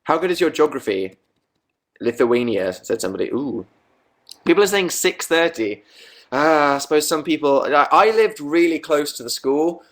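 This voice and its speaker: A man's voice: on the high side, expressive, moderate pace. A young Englishman with an English accent, chatting casually to viewers on a webcam livestream, self-mocking and rambling. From England. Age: young adult. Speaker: host.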